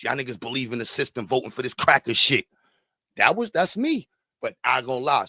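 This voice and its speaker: A man hosting a talk podcast, reacting to a clip in loose, profane commentary. His voice sits at an ordinary middle pitch and sounds dry and close, with bursts of loud animation between calmer stretches. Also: no room sound. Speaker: podcast host.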